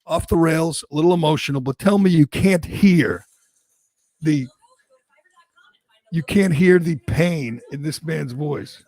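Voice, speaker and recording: Gravelly, fired-up talk host. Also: male voice, on the high side, no echo. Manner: angry, mocking, loud outbursts. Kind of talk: heated political talk radio rant.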